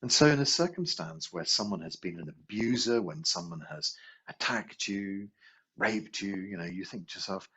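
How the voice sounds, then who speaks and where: A man teaching a healing class in a relaxed, anecdotal way, asking rhetorical questions as he goes. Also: moderate pace, husky. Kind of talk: conversational teaching talk. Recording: dull low-quality video sound.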